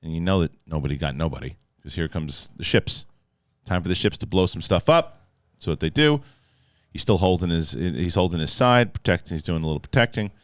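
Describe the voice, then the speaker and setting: A man doing a casual spoiler review of a TV episode, animated and joking, with loose profane talk and bits where he acts out the characters. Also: low voice, no room sound, clean studio sound. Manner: animated, acts out characters in quick put-on voices. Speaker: film and TV reviewer.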